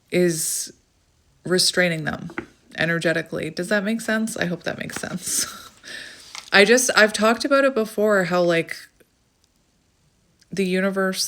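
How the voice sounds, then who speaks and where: This tarot reader, whose voice is on the low side, pulls cards in a relaxed reading to camera. Her talk is chatty and full of thinking out loud, punctuated by frequent laughter and excited outbursts.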